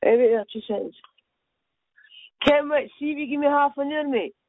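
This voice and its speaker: A man's voice: extremely high pitch, normal speed, a little hiss or hum. A man voicing a chaotic, swearing Scottish woman who rambles and gets flustered on a phone call. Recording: tinny phone line.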